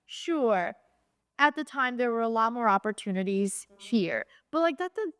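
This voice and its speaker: A woman hosts a relaxed interview, chatty and openly enthusiastic, reacting with gushing warmth to her guest's stories. Her voice sits a little high. The sound is dry, with no room echo around it. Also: moderate pace, clean tone. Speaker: host. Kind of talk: casual interview chat.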